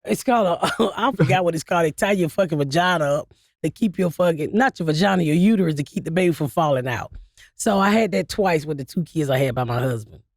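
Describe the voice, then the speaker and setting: Gravelly woman in her 50s, comic guest, cusses a lot and laughs thru her stories, voice jumps all over. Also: lowish voice, expressive, fast, darkish tone, no room sound, studio quality. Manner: profane, blunt, laughing storyteller. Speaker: comedian guest. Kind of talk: casual interview storytelling.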